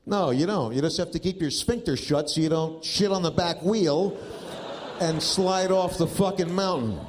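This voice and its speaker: A man's voice: a little high, normal speed. A man in his fifties doing stand-up, telling stories in an exasperated, profane way. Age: 50s. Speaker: stand-up comedian. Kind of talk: stand-up comedy storytelling. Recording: noisy live recording.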